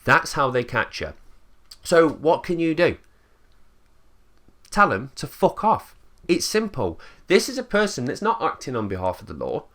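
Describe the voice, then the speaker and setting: A man with an English accent rants in a casual monologue, blunt and quick to swear. His pitch swings widely as he talks. His tone is bright and forward. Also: big pitch swings. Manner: blunt and sweary, acts out quotes in put-on voices. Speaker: channel host.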